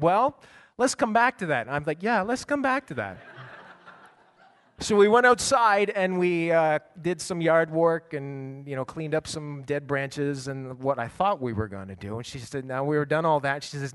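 A middle-aged man, a pastor, preaching a sermon and telling a personal story, swinging from quiet asides to loud bursts. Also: a little high, moderate pace, hardly any pauses, clean tone.

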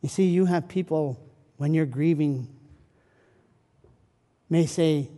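A man preaching a sermon, swinging from loud pleading questions to soft, hushed comfort. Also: a little high, slow, pauses often, in a large hall.

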